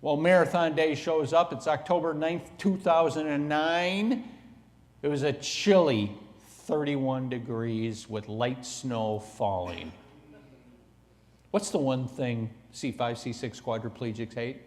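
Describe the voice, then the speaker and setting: Male motivational speaker, animated storytelling, unhurried pacing, conference-hall reverb. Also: medium pitch. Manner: emphatic and animated, swings between loud and hushed. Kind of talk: storytelling keynote speech.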